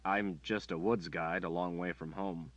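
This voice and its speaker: A man voicing an earnest, flustered young hero in an audiobook, in a low voice. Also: fairly even intonation, a little slow, no echo, dull audio. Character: earnest young male woods guide, flustered.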